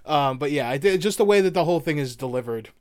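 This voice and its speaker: A man's voice: on the high side, lively intonation, fast talker, no echo, studio quality. A young man co-hosting a podcast in loose casual chat, rambling with restarts and fillers. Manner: rambling, lots of restarts and fillers, laughs often. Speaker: podcast co-host.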